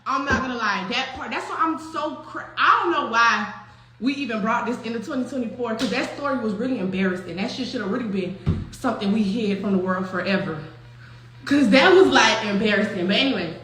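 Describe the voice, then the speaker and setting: Animated high-voiced woman telling a story. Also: a little fast, very echoey, noisy background. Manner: animated, profane, laughs often, acts out quotes. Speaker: storyteller recounting a personal story. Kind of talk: casual storytime chat.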